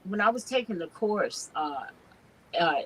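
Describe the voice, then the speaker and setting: A woman's voice: mid-range voice, expressive, measured pace, a loud crowd, low-quality recording. A woman with a Southern US accent on a discussion panel, talking casually and hesitantly, with frequent laughs. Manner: self-conscious, hesitant, laughs often.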